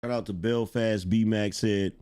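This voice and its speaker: A man's voice: lowish voice, steady tone, a little slow, dark tone, clean tone. Blunt, emphatic middle-aged male streamer. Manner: blunt, emphatic, repeats lines for effect, swears. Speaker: commentary show host. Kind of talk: live-stream commentary, reading viewer chat.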